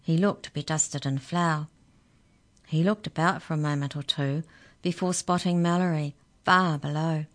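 A woman reading a children's story aloud as narrator, clear and expressive. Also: low voice, normal speed.

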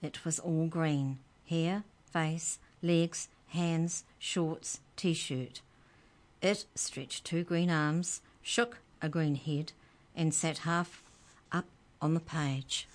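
A woman reading a children's story aloud with slow, expressive narration. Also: sits low.

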